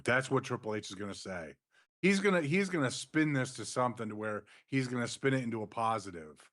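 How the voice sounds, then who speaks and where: A man co-hosting a wrestling podcast, backing up his partner with steady commentary. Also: mid-range voice, a little fast. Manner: agreeing backchannels, mocking imitations.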